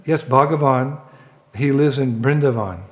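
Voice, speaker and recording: A man's voice: mid-range voice, unhurried, natural voice. A man voicing a learned male monk in a spoken story, explaining in a matter-of-fact way.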